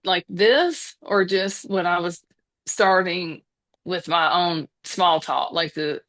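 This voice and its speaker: Her voice is on the low side and a bit bright, moving at a slow pace. She's a woman in her fifties from the Southern United States with a Southern accent, a podcast guest chatting casually but hesitantly, full of fillers and restarts.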